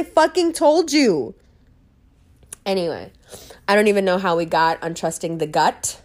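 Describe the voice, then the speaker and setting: A woman telling a story in a casual monologue, blunt and animated, swearing freely and laughing often. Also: fairly low pitch, unhurried, pauses often.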